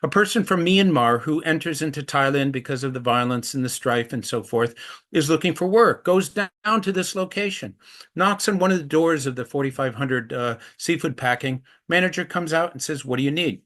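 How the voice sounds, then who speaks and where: Pitched a little high and fairly bright, this man's voice moves at a normal speed. He's a middle-aged anti-trafficking activist giving an earnest, story-driven talk, slipping into other people's voices whenever he quotes them.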